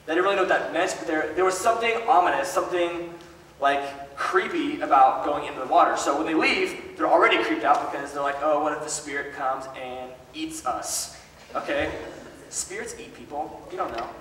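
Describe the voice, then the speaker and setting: A man tells a sermon story in a loose, joking, animated way. His voice is bright and fairly high. It is recorded from far back in a large hall with long reverb. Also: fairly quick, a little hiss or hum. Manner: joking, animated, chatty asides. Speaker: preacher.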